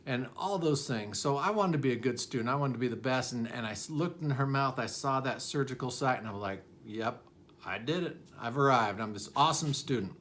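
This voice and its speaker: A man's voice: medium pitch, fairly bright tone. A dentist in his forties telling a personal story about his student days, candid and self-deprecating, with lots of fillers and restarts.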